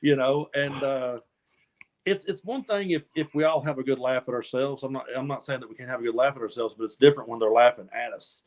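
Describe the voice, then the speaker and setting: A man's voice: medium pitch, fairly quick. Earnest rambling Southern man. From Appalachian South, US. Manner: rambling, repeats words, earnest. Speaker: co-host. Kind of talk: casual political chat.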